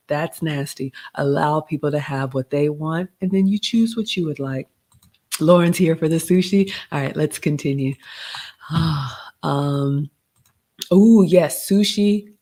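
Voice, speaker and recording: A middle-aged woman with a low, somewhat mellow voice hosts a casual live stream reviewing a restaurant menu. She sounds slightly raspy today and chats away, calling her viewers y'all and offering etiquette tips as she goes.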